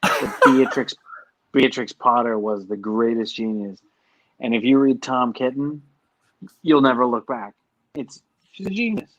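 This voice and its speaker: A man's voice: mid-range voice, unhurried, long pauses, a bit bright, dry recording, poor audio. Enthusiastic man, dry close sound. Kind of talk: casual chat.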